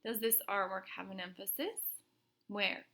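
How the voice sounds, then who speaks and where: A woman teaching an art lesson to young children, explaining gently and asking questions aloud. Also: mid-range voice, steady tone, normal speed.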